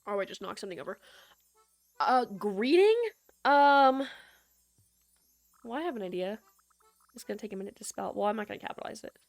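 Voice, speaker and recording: A young woman from the American Midwest streams a game and rambles animatedly, her mid-range voice fairly quick but pausing often. Her casual chat is thick with "like." The USB mic also catches soft lofi music.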